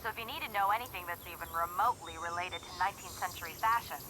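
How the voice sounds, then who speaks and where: A woman's voice: lowish voice, very fast, noisy background, close to an everyday voice. An actress voicing a bored, sarcastic young woman friend calling in a video game, wry in her remarks. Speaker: video game character on a phone call.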